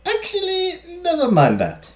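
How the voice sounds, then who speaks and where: A streamer voicing an eager, chatty household servant with a mock French accent that comes out sounding German, in a high, sing-song voice. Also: measured pace, heavily acted. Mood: gushing. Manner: gushing, speeds up with excitement. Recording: roomy echo.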